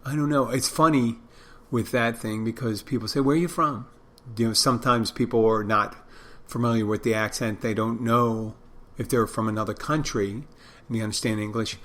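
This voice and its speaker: A man's voice: mid-range voice, fairly bright tone. Rambling middle-aged Philadelphia-accented man. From Philadelphia area. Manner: rambling, profane, self-deprecating asides. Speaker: podcast host. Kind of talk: casual solo monologue.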